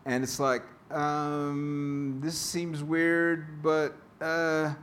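A man preaching a sermon, reading scripture and telling jokes in a slow, deliberate way. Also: on the high side, completely flat delivery, fairly bright tone, slight background noise. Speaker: pastor.

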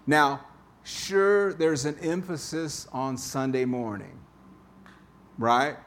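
A man preaches a sermon at an unhurried pace, talking to the congregation in a casual, conversational way. He repeats key phrases to drive them home. Faint room ambience sits behind him in the church. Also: mid-range voice, a bit bright, a little hiss or hum. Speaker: pastor. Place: church sanctuary.

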